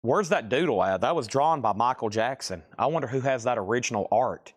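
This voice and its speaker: A man's voice: medium pitch, lively intonation, a little fast, no echo, studio quality. A man hosting a live vinyl record sale, chatting casually and rambling between sales. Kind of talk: casual live-stream selling.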